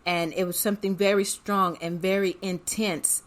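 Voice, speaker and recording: A woman's voice: mid-range voice, fairly even intonation, moderate pace. A woman hosting a podcast, telling a personal story in a chatty way and often laughing as she talks. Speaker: podcast host.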